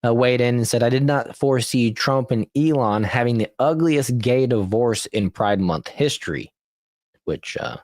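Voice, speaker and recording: A man's voice: medium pitch, normal speed, darkish tone, no room sound, studio quality. A man hosting a podcast, reading social media posts aloud in casual political commentary, laughing often and stumbling over and correcting his reading. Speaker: podcast host.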